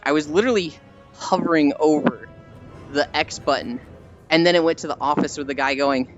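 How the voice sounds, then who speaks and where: A man's voice: a little high, normal speed. Streamer guy, casual and rambling, dull lo-fi sound with faint music underneath. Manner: rambling, acts out scenes in put-on voices. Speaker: livestreamer. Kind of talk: casual stream chat while walking.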